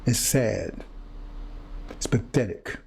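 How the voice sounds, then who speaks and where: Slow and expressive, a male preacher with a lowish, slightly mellow voice and vocal fry confronts his audience in a fiery monologue, with a little hiss or hum present. He repeats phrases and stammers, restarting as he searches for words.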